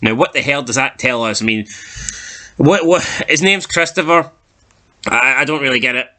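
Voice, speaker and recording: A man's voice: medium pitch, normal speed, bright, forceful tone. A man co-hosting a casual TV review chat, recapping plot points in a dry, skeptical way. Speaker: TV review podcast co-host.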